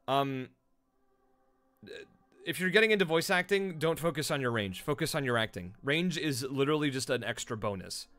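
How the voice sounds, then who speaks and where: A man of middling pitch chats loosely with his stream viewers about his voice-acting work. He rambles and restarts, with an easy, self-mocking tone. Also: fairly bright tone. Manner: rambling, self-deprecating, many fillers and restarts. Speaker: streamer and voice actor. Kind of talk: casual stream chat answering viewers.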